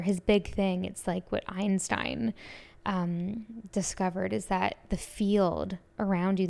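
A woman's voice: medium pitch, vocal fry, a little mellow. A woman in her twenties hosting a casual solo podcast, gushing enthusiastically and filling her talk with "like". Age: 20s. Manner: gushing, enthusiastic, many "like" fillers. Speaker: podcast host.

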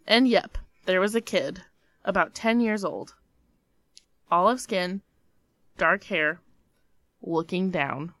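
A woman's voice: on the low side, slow pace, pauses often, fairly bright tone, no echo. A young adult woman, a podcast co-host, reading a scary story aloud with dramatic storytelling and nervous laughter.

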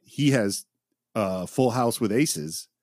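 A man's voice: lowish voice, animated, takes it slowly, darkish tone, no echo, clean studio sound. A man co-hosting a casual movie-review podcast who gives his opinions enthusiastically and laughs easily. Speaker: podcast co-host.

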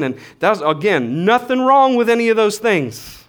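A man in his thirties preaching a sermon as a pastor, casual and animated, with slang and big swings between quiet and loud. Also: high-pitched, moderate pace, hardly any pauses, smooth.

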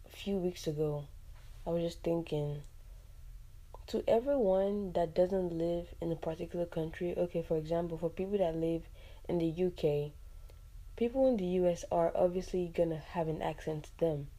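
A woman from Nigeria with a Nigerian accent hosts a solo podcast in a relaxed, chatty way. Her voice sits a little low and sounds mellow and soft-edged. She talks expressively and scatters "like" through her sentences. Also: moderate pace. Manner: chatty and expressive, with frequent "like" fillers and asides. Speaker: podcast host. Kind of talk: casual solo podcast talk.

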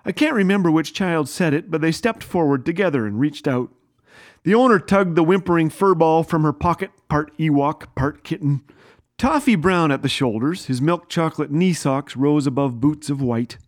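Animated, self-mocking man telling a story. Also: on the high side, moderate pace. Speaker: radio show host. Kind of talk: humorous storytelling.

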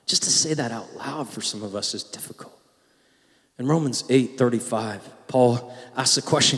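A man preaching a sermon as pastor, moving between hushed, pleading passages and loud, shouted declarations. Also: medium pitch, lively intonation, normal speed. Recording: long hall reverb.

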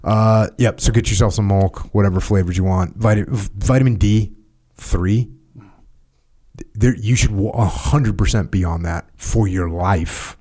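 Emphatic low-voiced man, dark tone. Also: a little slow. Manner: emphatic, repeats phrases for emphasis, jokey. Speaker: podcast host. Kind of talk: casual chat with sponsor reads.

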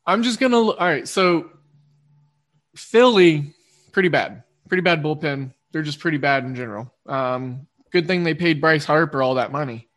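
His pitch is fairly high and his sound a bit bright, carrying an Oklahoma twang. He hosts a sports betting podcast, delivering a loose, quick-fire monologue full of self-corrections.

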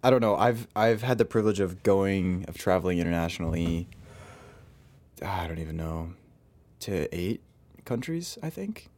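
A young man co-hosting a casual chat from home. His voice sits on the low side and he keeps things light, laughing often. He jokes easily with his partner. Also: expressive, normal speed, long pauses, darkish tone. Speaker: co-host.

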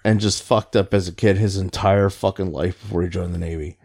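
A man casually telling a profane, animated story about a shipmate from his Navy days. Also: sits low, brisk, gravelly, husky. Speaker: storyteller recalling Navy service. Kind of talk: casual podcast chat.

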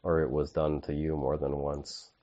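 A man's voice: rumbling low, level tone, moderate pace, warm tone, muffled recording, slight background noise. A man co-hosting a comedy podcast, laid-back and riffing, saying "dude" a lot. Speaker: podcast co-host. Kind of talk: casual comedic chat.

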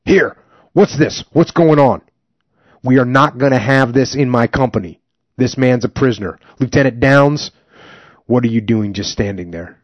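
A man's voice: medium pitch, normal speed, no echo, close to an everyday voice. A man voicing a stern male army captain who reprimands a junior officer sharply, in a slightly muffled dry recording. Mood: indignant.

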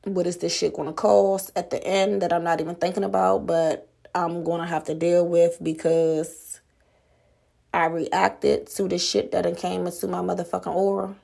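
A woman's voice: fairly low pitch, little pitch movement, normal speed, creaky, mellow. A woman podcast host giving a blunt, profane motivational monologue full of rhetorical questions.

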